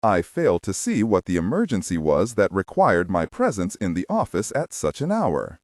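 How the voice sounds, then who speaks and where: A man's voice: low-pitched, wildly swooping pitch, moderate pace, darkish tone, dry recording, clean studio sound, full character voice. A man narrating an audiobook, voicing a brusque, dismissive male museum lawyer.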